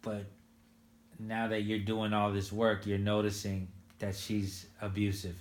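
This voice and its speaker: A man interviewing a father he worked with, asking gentle leading questions with frequent restarts. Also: on the low side, monotone, measured pace, reverberant. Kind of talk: casual interview.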